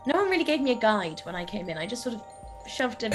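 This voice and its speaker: Lively, hesitant woman role-playing. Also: a little high, quick pace, soft background music. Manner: hesitant and polite, with many fillers. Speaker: player. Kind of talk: in-character role-play chat.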